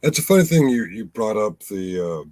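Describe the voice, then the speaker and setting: Here the livestream host talks in a low-leaning, sing-song voice that's slightly mellow, at a moderate pace on a dry recording. He chats casually and wryly, rambling and interrupting himself over and over.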